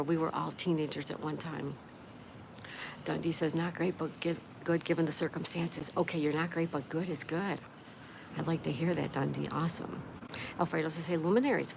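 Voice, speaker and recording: A woman with a low, gravelly voice hosts a relaxed livestream chat. She reads out viewer comments one after another and replies to each in a friendly, chatty way. Steady background noise runs under her voice. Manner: reads viewer comments aloud and answers them. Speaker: livestream host.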